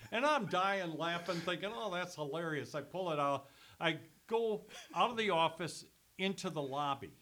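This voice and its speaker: An older man, a former sales executive, telling animated stories in a casual chat and laughing as he goes. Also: high voice, moderate pace, slight background noise.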